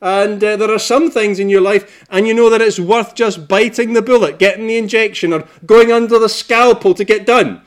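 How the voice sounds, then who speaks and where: A man preaching a sermon, swinging between loud emphasis and hushed, low passages. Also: moderate pace.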